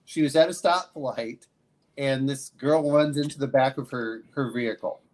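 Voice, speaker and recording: A man in a casual stream chat, telling an anecdote in a relaxed, halting way and breaking into laughs. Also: mid-range voice.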